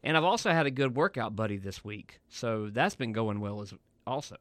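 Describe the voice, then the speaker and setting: A man's voice: fairly low pitch, expressive, fairly quick, fairly bright tone, dry recording. A man co-hosting a podcast in casual chat, joking and laughing often from a studio. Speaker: podcast co-host.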